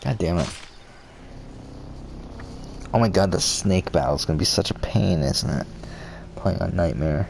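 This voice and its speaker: A man's voice: deep voice, a little slow, creaky, long pauses, a little mellow, slight background noise. A man giving casual, rambling gameplay commentary, full of fillers and restarts, cursing when things go wrong. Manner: rambling, many fillers and restarts, swears at the game.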